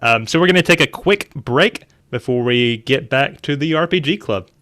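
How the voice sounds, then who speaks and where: Bright-voiced male podcast co-host. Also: mid-range voice, normal speed. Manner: relaxed, laughing, steers the show's running order. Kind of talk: casual podcast chat.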